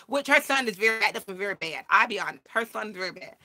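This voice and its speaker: Lively woman vlogger chatting a storytime, bright clear voice, does everyone's voices. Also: medium pitch, fast. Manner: animated, acts out voices in quotes. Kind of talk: casual storytime chat.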